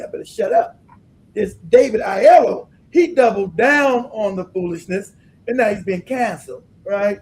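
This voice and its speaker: A man hosting a livestream, giving loud, blunt commentary that he keeps breaking up with laughter. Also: extremely high pitch. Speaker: livestream host.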